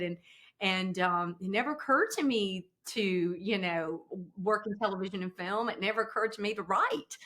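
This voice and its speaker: A woman in her fifties from South Carolina with a Southern American accent, a podcast guest chatting casually and telling stories with lots of laughter. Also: medium pitch. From South Carolina, USA. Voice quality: animated storyteller, laughs often, playful voices in quotes. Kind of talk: casual interview chat.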